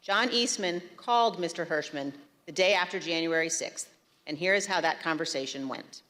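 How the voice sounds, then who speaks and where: A woman on a committee giving a formal closing statement, measured, with some hesitant fillers. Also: on the low side, a bit bright, long reverb tail. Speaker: committee member.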